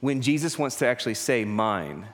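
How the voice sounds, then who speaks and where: A man with a middling pitch, praying and then preaching as a pastor. He speaks earnestly and grows higher and more forceful as he presses his points. His voice rings with the long reverb of a church hall. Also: fairly quick. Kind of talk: prayer and sermon.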